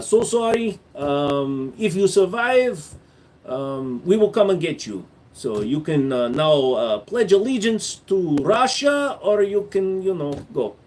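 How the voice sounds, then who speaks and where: A man putting on the voice of a Russian sleeper agent who has become president, giving a mock-solemn apologetic speech. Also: a little mellow. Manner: mock-solemn speech address, high strained voice.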